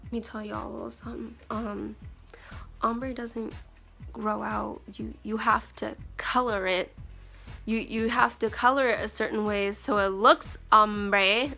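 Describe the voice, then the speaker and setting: A woman's voice: a little high, steady tone, a little slow, vocal fry, bright, forceful tone, soft background music. A young woman vlogger telling a dramatic, chatty story with slangy asides. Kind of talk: storytime vlog.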